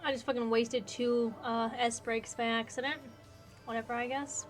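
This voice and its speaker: A woman's voice: on the high side, level tone, normal speed. Casual, cursing woman game streamer. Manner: casual, swears freely. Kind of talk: casual gameplay commentary. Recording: faint game music behind.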